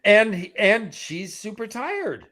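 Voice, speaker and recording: A man's voice: sits high, sing-song, slow pace, pushed and bright. A man co-hosting a casual book discussion, recapping a chapter in a rambling way with many fillers. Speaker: podcast co-host summarizing chapters.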